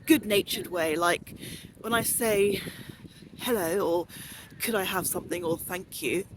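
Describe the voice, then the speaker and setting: In a lowish, slightly slow voice, a woman in her forties with a southern English accent films a vlog while walking outdoors. She chats casually, rambles a little, and pokes fun at herself over a noisy background.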